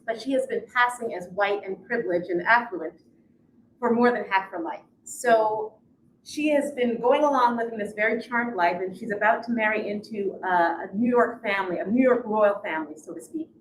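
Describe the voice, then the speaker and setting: A woman's voice: mid-range voice, moderate pace, slight background noise. A woman author talking about her novel before reading from it, laughing easily and joking at her own expense. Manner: laughing, self-deprecating, lively. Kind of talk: live book reading and chat. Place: bookstore. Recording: echoey bookstore.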